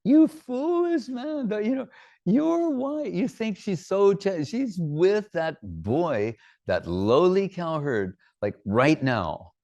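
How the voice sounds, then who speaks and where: Guy doing a shrill naggy old mother-in-law, squeaky high and accusing. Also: lively intonation, takes it slowly, darkish tone, full character voice. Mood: scolding.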